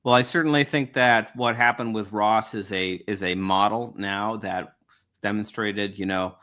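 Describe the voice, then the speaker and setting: A man hosting a podcast, talking in a halting way with many restarts. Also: fairly low pitch, fairly even intonation, bright, forceful tone. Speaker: podcast host. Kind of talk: casual podcast chat.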